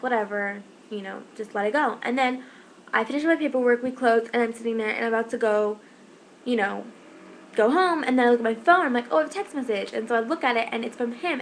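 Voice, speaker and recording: A woman's voice: fairly high pitch, fairly bright tone, slight background noise, low-quality recording. A young woman who manages a shift, telling a story in a casual vlog, rambling and exasperated, with lots of "like"s. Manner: fast, rambling, exasperated retelling with many "like"s.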